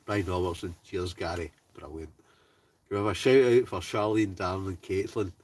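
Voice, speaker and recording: A low-pitched Scottish man from Ayrshire chats casually and laughs while reading viewer names aloud on a wild camping livestream, sitting in a heated tent in the snow. His tone is steady and a little mellow at a moderate pace, and the mic is distant.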